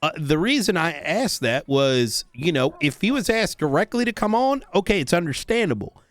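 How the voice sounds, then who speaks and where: A man's voice: on the high side, big pitch swings, normal speed, no room sound, faint music behind. A man playing a lawman in a role-play game, blunt, irritated and heavy on swearing. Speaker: roleplay player as a lawman. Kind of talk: in-character role-play chat.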